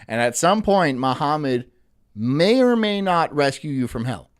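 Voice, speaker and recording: A man's voice: a little high, very animated, measured pace, clear, resonant tone. A man commenting on video clips during a live stream in a crude, mocking, rambling way.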